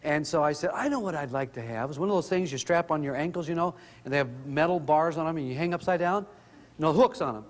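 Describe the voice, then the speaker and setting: High-voiced man telling funny stories. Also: fast talker, in a large hall. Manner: animated, rises in pitch when excited. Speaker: speaker telling family stories. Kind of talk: humorous storytelling talk.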